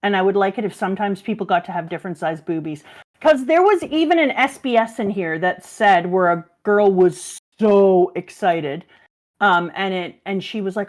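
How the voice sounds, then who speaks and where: A woman's voice: mid-range voice, lively intonation, moderate pace. A woman co-hosting a live stream, chatting casually and animatedly, laughing often and acting out quotes. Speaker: stream co-host. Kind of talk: casual chat.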